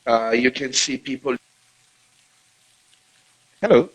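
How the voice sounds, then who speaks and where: A man's voice: mid-range voice, animated, takes it slowly, slight background noise, low-quality recording. A man from Brazil with a Brazilian accent speaking English, a guest talking casually over a video call, with many fillers and restarts. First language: Portuguese.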